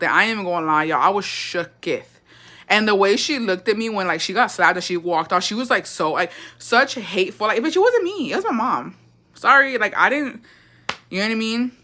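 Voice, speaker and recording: A woman's voice: lowish voice, sharp tone. A young woman hosting a livestream, telling a profane, gossipy family story with laughs and Spanish phrases mixed into her English. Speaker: livestream host. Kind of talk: casual storytime chat.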